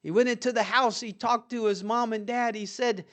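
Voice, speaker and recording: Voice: medium pitch, steady tone, moderate pace, hardly any pauses, a bit bright. A storyteller telling a plain-spoken inspirational tale with a homely, folksy manner.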